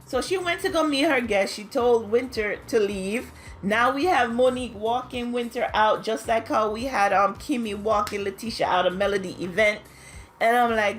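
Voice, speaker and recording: A chatty woman with a fairly high voice recaps a reality show in a casual, gossipy way. She acts out the cast's lines in high squeals. Soft music plays faintly behind her. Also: normal speed. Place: home, New York.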